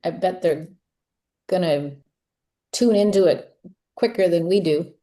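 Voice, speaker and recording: A woman who teaches at a school, chatting casually and tossing in quick jokes. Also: on the low side, warm tone. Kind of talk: casual chat.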